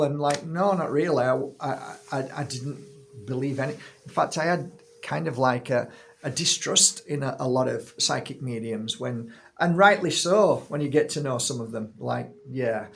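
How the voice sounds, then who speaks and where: A man's voice: medium pitch, normal speed, vocal fry, fairly bright tone, slight background noise. A man in his fifties, a healer and channel host, casually telling a personal story, rambling with frequent restarts.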